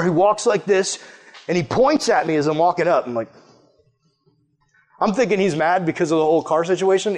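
A man preaching a sermon through a personal story, talking casually with lots of fillers and animated retellings. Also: sits high.

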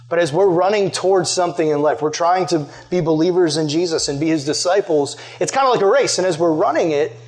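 A young man giving a casual sermon as a youth pastor, chatty and full of "like" fillers, asking his listeners questions. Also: high-pitched. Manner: chatty, loaded with "like" fillers, conversational.

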